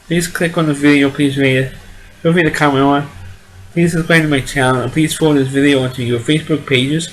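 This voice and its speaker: A man's voice: a little high, steady tone, brisk, low-quality recording. Rambling man reviewing an old movie. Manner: rambling, repeats and restarts words. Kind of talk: casual spoken movie review.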